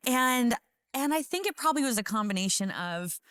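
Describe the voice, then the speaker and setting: A woman's voice: on the high side, lively intonation, normal speed, a bit bright, smooth, dry recording, clean studio sound. A woman guest on a faith talk show, telling a personal story with earnest feeling and acting out her inner dialogue. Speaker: worship leader guest.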